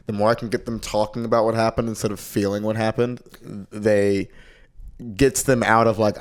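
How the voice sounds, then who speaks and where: Young male co-host, conversational, teasing and animated in his storytelling. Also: on the low side, clear, resonant tone. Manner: quick to react and tease, acts out quoted dialogue. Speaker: podcast co-host. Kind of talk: casual chat.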